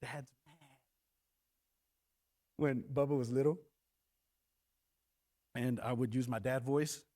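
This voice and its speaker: A middle-aged man preaching a sermon in church, animated and acting out quoted lines in shifting voices. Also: medium pitch, measured pace, long pauses. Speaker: pastor.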